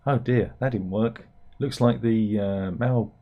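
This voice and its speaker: A man's voice: on the low side, fairly even intonation, slow pace, narrow, tinny audio. A man from the UK hosting a comic news show, chatting casually and wryly with lots of fillers and restarts. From United Kingdom. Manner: rambling, wry, talks to himself with fillers and restarts. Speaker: satirical news show host.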